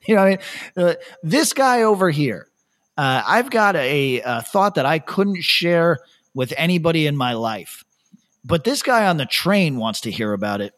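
A man hosting a podcast, telling rambling stories in casual chat, laughing often and dropping his voice low to quote people. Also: big pitch swings, moderate pace, fairly bright tone. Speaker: podcast host.

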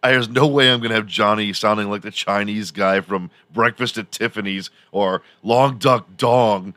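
Rambling, laughing podcast host, bright tone. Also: male voice, on the low side, steady tone, moderate pace, no room sound. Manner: rambling, profane, laughs often while telling a story. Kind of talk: casual solo storytelling.

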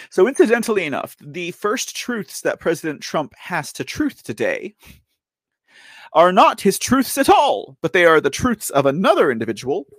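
A man's voice: sits high, no room sound, studio quality. A man hosting a political commentary show in a playful, rambling way, often correcting himself. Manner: playful, rambling, self-correcting, keeps saying ladies and gentlemen. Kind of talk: casual live commentary.

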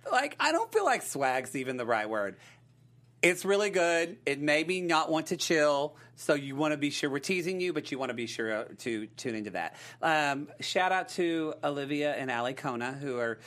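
Animated man co-hosting a fan show. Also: fairly high pitch, normal speed. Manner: animated, playful, sing-song hype. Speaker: co-host. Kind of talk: casual show chat.

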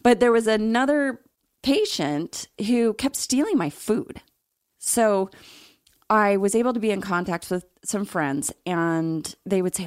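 A woman's voice: mid-range voice, expressive, unhurried, smooth, dry recording, clean studio sound. A middle-aged woman, an interview guest, telling her personal story in a candid, reflective way with occasional laughs.

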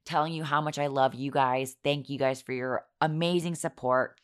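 A low-pitched woman in her thirties with a hoarse, scratchy voice. She hosts a casual podcast and chats in a giggly, self-mocking way. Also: fairly even intonation, moderate pace. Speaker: podcast host. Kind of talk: casual chatty storytelling.

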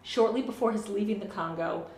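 A woman's voice: medium pitch, brisk, creaky, darkish tone. A woman co-hosting a podcast, telling a true story in casual chat, swearing and laughing at herself. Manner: swears casually, laughs often, self-deprecating. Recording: roomy with faint noise.

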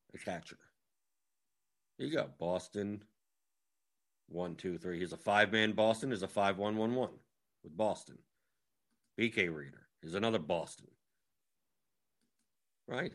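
A man giving a casual, matter-of-fact breakdown of fantasy baseball lineups, talking briskly as he scrolls through them. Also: lowish voice, a bit bright. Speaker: daily fantasy baseball analyst.

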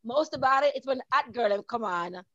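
A woman's voice: high voice, lively intonation, a little fast, a bit bright, dull audio. A woman, a guest talking emphatically in casual chat. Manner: emphatic, repeats "listen" and "okay".

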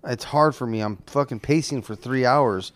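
A man's voice: mid-range voice, moderate pace. A man co-hosting a podcast, talking bluntly and heatedly about football with heavy swearing. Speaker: podcast co-host. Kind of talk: casual chat.

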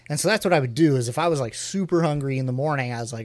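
A man co-hosting a casual chat, laughing often and telling stories with animated energy. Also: medium pitch, fairly quick, few pauses, no room sound. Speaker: podcast co-host.

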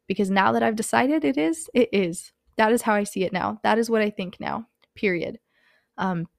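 A woman's voice: mid-range voice, fairly quick, creaky, no echo, studio quality. A young woman hosting a podcast, talking candidly in casual motivational chat, full of "like" and "um". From Hispanic background, country not said. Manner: candid, frequent fillers, says "like" and "um" often. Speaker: podcast host.

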